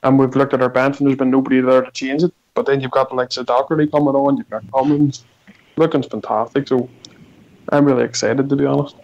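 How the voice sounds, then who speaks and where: A man on a radio phone-in giving football opinions, measured and saying to be honest. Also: medium pitch, little pitch movement, a little mellow, lo-fi sound. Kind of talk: casual phone-in chat.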